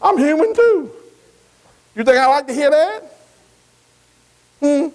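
A man's voice: extremely high pitch, lively intonation, takes it slowly, a little mellow, low-quality recording. A man preaching a sermon, folksy and emphatic, often asking the congregation whether they agree. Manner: emphatic preaching with call-and-response questions. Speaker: pastor.

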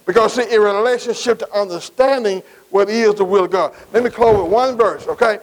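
A man's voice: high-pitched, brisk, low-quality recording. A middle-aged man preaching a sermon, asking his congregation questions and repeating phrases in a call-and-response cadence.

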